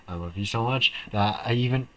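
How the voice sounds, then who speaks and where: A man's voice: mid-range voice, fairly quick, pushed and bright, a little hiss or hum, lightly acted, low-quality recording. A man reading aloud the lines of an obsessive young woman confessing her love in a game, with an intense, pleading delivery.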